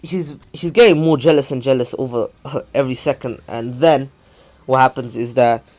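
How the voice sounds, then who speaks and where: A man's voice: mid-range voice, moderate pace, darkish tone. A man casually recapping a fan-made story, rambling with many fillers and self-corrections.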